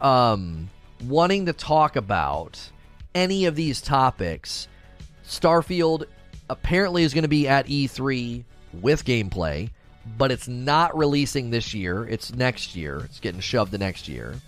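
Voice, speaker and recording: Middle-aged male streamer, animated and chatty, mid-pitched voice with a lively range. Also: takes it slowly, faint music behind. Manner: animated, chatty, addresses viewers directly. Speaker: gaming news livestreamer. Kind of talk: casual livestream chat.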